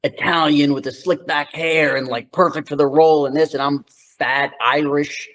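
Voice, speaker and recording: A man's voice: a little high, steady tone, moderate pace, fairly bright tone, poor audio. A man in his thirties from New York, telling loose, slangy stories as an interview guest, with lots of filler words. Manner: loose, slangy storytelling full of "like". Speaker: guest, actor. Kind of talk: casual interview chat.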